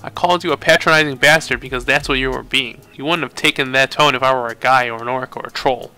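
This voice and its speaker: A man voicing a hot-tempered young woman hacker in a video game, reading her lines sharp and indignant. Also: medium pitch, steady tone, quick pace, clean tone.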